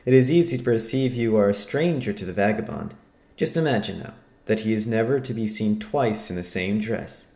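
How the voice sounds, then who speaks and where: A low-voiced, cocky chief of thieves who brags with blustering confidence, as a male audiobook narrator reads him. The voice rings in an echoey room. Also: mellow, lightly acted. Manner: boastful, blustering. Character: boastful male thief chief, cocky and gruff.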